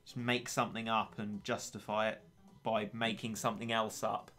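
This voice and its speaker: A man's voice: on the low side, level tone, moderate pace, fairly bright tone, soft background music. A young man in his late teens chatting casually and wryly on a game stream, poking fun at himself. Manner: chatty, wry and self-mocking. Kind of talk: casual gaming stream chat.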